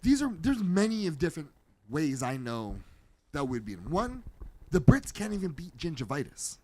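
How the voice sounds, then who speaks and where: An American man co-hosting a podcast, mocking and animated in casual comedic banter. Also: a little high, normal speed. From United States. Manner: animated, mocking, loud bursts. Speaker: podcast co-host.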